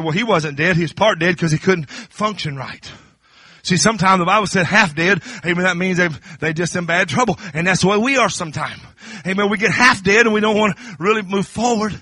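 A middle-aged man preaching a sermon, dropping to low confiding talk and then rising to high shouted crescendos. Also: fairly quick, dry recording.

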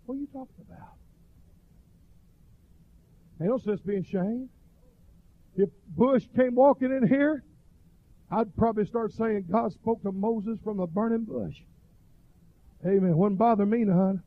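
A middle-aged man preaching a fervent revival sermon that swells into shouted cries. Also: sits high, unhurried, long pauses. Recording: dull lo-fi recording.

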